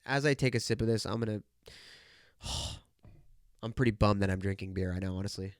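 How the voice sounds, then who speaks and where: Congested and nasal, a young podcast host rambles through a casual solo chat on a podcast microphone, joking and swearing a lot. His voice is fairly low in pitch at a normal speed, with a dry recording and clean studio sound.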